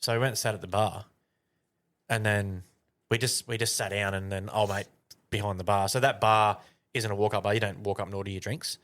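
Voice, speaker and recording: Casting: male podcast co-host, lowish voice, loose sweary storyteller. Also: fairly even intonation, brisk, fairly bright tone. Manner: swears a lot, acts out voices in anecdotes. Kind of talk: casual storytelling chat.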